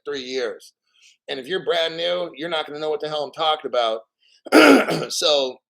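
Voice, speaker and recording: A man with a somewhat high-pitched voice chats through a crypto livestream in an easy, rambling way. He swears casually and keeps clearing his throat between thoughts. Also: fairly bright tone. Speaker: crypto livestream host reading chat.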